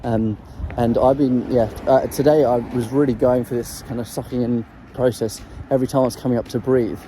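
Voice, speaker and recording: A man's voice: mid-range voice, steady tone, a little fast, dark tone, slight background noise, rough recording. A man talking casually in a vlog about singing technique, hesitant and full of ums and restarts, breaking off to demonstrate throat sounds. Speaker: voice coach sharing singing tips.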